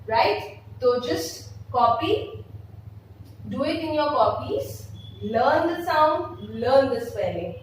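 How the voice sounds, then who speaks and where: Pre-primary teacher, Indian English accent, spells words slowly for small children, recorded at a distance in a roomy, echoey classroom. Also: female voice, sits high, very animated, a little hiss or hum. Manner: slow, spelling words letter by letter, then repeating them with emphasis. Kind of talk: online phonics lesson at a blackboard. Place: classroom with a blackboard.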